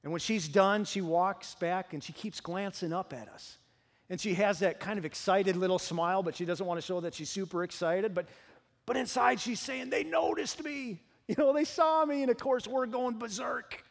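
A man preaching in a church, his fairly high voice ringing with a long reverb off the sanctuary walls. He tells lively, humorous stories about his family to the congregation. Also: moderate pace. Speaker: pastor. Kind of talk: sermon with personal stories.

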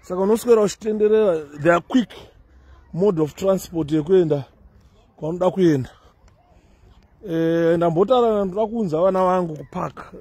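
Husky Zimbabwean man chatting on a walk. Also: sits high, moderate pace, long pauses, dark tone, no room sound. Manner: rambling, conversational, chatty asides to viewers. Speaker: vlogger. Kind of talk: casual walking commentary. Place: outdoor city park. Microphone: handheld phone.

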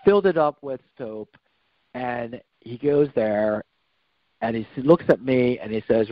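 A man's voice: medium pitch, animated, a little slow, dry recording. A man as a podcast guest, telling a personal story in a rambling way and often correcting himself. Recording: slightly dull, dry recording.

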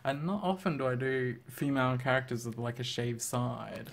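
A man's voice: fairly even intonation, moderate pace, vocal fry, a little hiss or hum. A young man co-hosting an art channel, chatting casually and laughing often. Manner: giggly, drops into squeaky mock voices. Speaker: artist and channel co-host. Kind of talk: casual chat over a drawing video.

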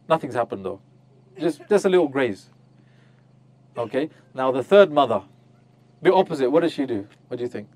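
A man leads a religious class and keeps turning to his listeners with questions. His voice sits a little high for a man. He slips into quick voices for the people in his examples. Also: expressive, a little mellow, no room sound. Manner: questions the audience, acts out voices of mothers. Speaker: Islamic teacher. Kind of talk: interactive religious lecture. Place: on a group pilgrimage tour.

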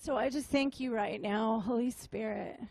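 A woman minister giving a tearful, halting sermon testimony to a room, often repeating her words. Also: fairly high pitch, vocal fry, a little mellow, dry recording. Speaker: prophetic minister. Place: meeting room with audience.

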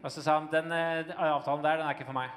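Fast-talking male church interpreter. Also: a little high, flat delivery, fairly bright tone. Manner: quick, echoes the preacher's emotion, with small slips and fillers. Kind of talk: live sermon interpretation. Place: large church hall.

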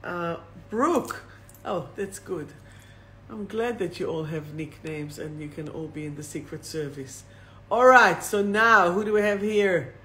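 A woman hosts a live oracle card reading on a phone or webcam stream. She talks at an unhurried pace in a bright, clear voice. She reads each affirmation slowly and then says it again. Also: on the low side, a little hiss or hum. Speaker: host and card reader.

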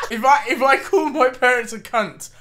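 Young guy reacting to vids, high voice, yells and swears a lot. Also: noisy background. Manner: loud, shouty outbursts and swearing. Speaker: reaction video host. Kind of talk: excitable reaction commentary.

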